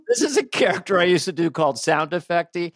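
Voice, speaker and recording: A man's voice: high-pitched, sing-song, brisk, no echo, clean studio sound. A man hosting a comedy podcast, chatting casually and slipping into silly impressions. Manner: playful, breaks into silly put-on voices.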